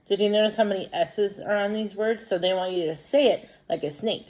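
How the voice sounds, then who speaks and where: A woman's voice: mid-range voice, fairly even intonation, fairly quick, hardly any pauses, a little mellow. A woman teaching a first grade lesson by video, patiently explaining reading and math step by step for young children. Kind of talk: recorded distance-learning lesson.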